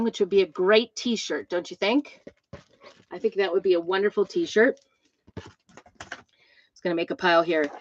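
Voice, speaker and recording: A medium-pitched woman shows off her latest craft designs in a rambling, chatty vlog, full of ums and side comments. Describing herself as a trumpet player, she gets particular about instrument details. The dry recording is dull and slightly lo-fi.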